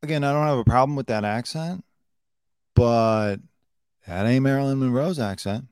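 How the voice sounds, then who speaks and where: A show host with a mid-range, slightly mellow, clear and resonant voice speaks at a moderate pace on a live news commentary show. He's blunt and opinionated, swearing freely and swinging between emphatic outbursts and muttered asides, in clean studio sound with no room sound.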